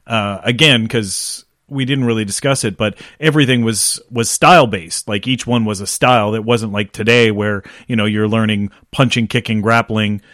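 A man co-hosting a casual film talk, relaxed and loose, leaning on "you know" and "like". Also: on the low side, normal speed, hardly any pauses, no room sound, clean studio sound. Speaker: podcast co-host.

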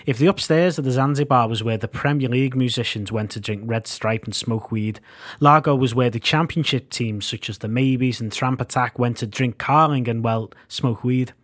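A man's voice: mid-range voice, moderate pace, a bit bright. Wry man narrating his memoir. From Liverpool, England. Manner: wry, self-mocking storytelling. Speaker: podcast host and narrator.

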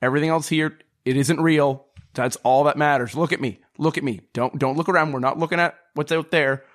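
A man's voice: on the high side, fast talker, a bit bright. A man voicing his character, insistently urging the others to stay focused. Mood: pleading. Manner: insistent, repetitive.

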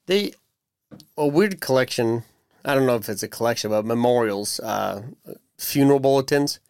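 A man's voice: medium pitch, expressive, normal speed, a little mellow, clear, resonant tone, no echo, clean studio sound. A man co-hosting a podcast in casual chat, wry and laid-back, often trailing off. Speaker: podcast co-host.

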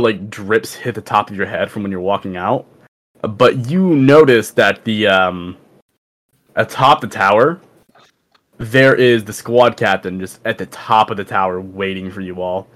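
Rambling man running a tabletop game. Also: fairly low pitch. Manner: rambling, loose with many fillers. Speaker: dungeon master.

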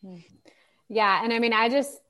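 A woman novelist from the American South who tells stories in an animated, chatty way, often filling her sentences with "like". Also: fairly high pitch, moderate pace. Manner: animated storytelling, chatty, many "like"s. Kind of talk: casual conversation about writing.

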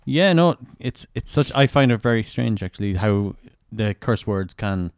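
A man's voice: lowish voice, lively intonation, normal speed, a little mellow, slight background noise. A man in casual podcast chat, musing and trailing off as he talks. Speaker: podcast co-host.

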